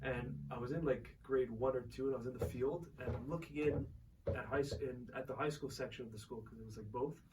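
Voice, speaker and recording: A young man co-hosting a podcast, telling animated stories and acting out the quotes. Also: medium pitch, a little fast. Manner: animated storyteller, acts out quotes. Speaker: podcast co-host. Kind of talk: casual chat, storytelling. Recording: distant mic with faint noise.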